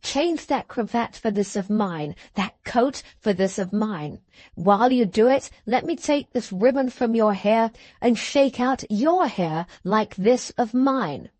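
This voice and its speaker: A woman voicing a steady, urgent young Englishman who gives calm, hurried commands as he plans a rescue. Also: a little high, no echo. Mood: urgent, commanding.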